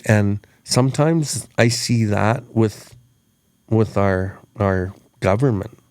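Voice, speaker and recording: A podcast host with a low, slightly mellow voice speaks slowly, with no room sound, in a reflective storytelling chat. He tells his stories earnestly and often restarts his words.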